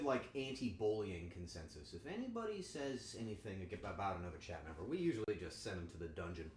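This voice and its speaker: A man's voice: medium pitch, echoey room, a little hiss or hum. A man livestreaming while he cooks, chatting casually and crudely with his viewers in a joking way. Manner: crude, joking, animated banter with chat. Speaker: streamer. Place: home kitchen.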